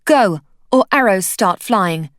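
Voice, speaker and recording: A woman reading a story aloud and voicing a young woman archer who speaks calmly and firmly. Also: medium pitch, slow pace, dry recording, studio quality. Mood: defiant. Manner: calm and firm.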